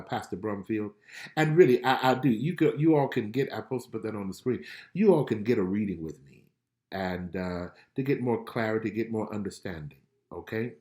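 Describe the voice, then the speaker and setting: A man gives spiritual readings in a casual, conversational tone, with a fairly low voice. He laughs easily and keeps asking his listeners if they follow him. The room around him sounds echoey. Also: darkish tone. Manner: casual and chatty, laughs often, keeps checking in with "okay?". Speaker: prophet and spiritual life coach. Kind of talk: live prophetic reading answering viewer questions. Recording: roomy echo.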